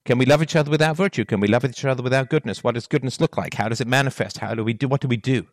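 A man delivering a solo monologue on virtue and relationships, firing off rhetorical questions with emphatic, animated delivery. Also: mid-range voice, very fast, no room sound, clean studio sound. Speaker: philosophy talk host.

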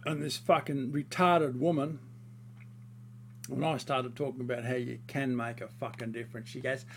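A man's voice: mid-range voice, fairly even intonation, moderate pace, creaky, slight background noise. A man in a casual monologue, ranting heatedly and crudely, rambling with fillers and restarts.

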